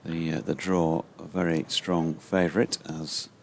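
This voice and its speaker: A man's voice: deep voice, little pitch movement, a little slow, creaky, a little hiss or hum. A man giving easygoing ball-by-ball cricket commentary, correcting himself as he goes.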